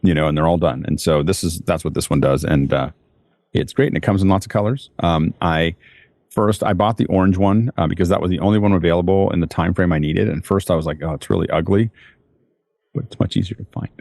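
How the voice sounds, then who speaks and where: A man's voice: low-pitched, steady tone, fast talker, gravelly, a little mellow, dry recording. A man on a tech podcast panel, chatting casually about gear in a rambling way with many restarts.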